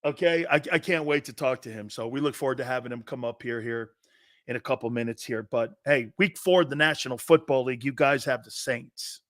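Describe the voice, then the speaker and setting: A middle-aged man hosting a casual sports talk show, telling stories in an animated way and laughing often. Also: mid-range voice, a little fast.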